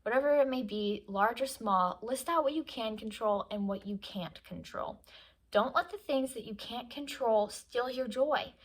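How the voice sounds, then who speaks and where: A young adult woman giving advice in a vlog, in an earnest, encouraging way that drops to a soft hush at times. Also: fairly high pitch, normal speed. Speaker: vlogger giving stress tips. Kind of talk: encouraging vlog talk to camera.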